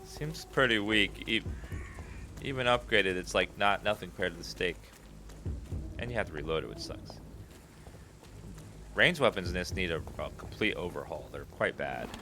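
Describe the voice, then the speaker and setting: Low-voiced casual gaming commentator. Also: male voice, animated, normal speed, pauses often, noisy background. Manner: casual, offhand remarks on game mechanics. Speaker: gaming YouTuber. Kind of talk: let's play commentary.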